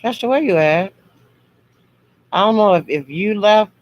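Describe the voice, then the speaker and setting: A woman's voice: mid-range voice, animated, unhurried, long pauses, lo-fi sound. A woman hosting a casual livestream chat. She talks to her viewers in a harsh, blunt way, though she means no harm. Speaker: livestream host.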